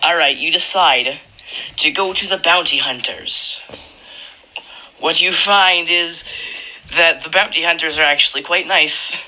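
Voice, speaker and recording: A woman's voice: deep voice, measured pace, pauses often, pushed and bright, poor audio. A woman running a tabletop game as game master, rambling and correcting herself as she narrates. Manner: rambling, self-correcting, laughs often.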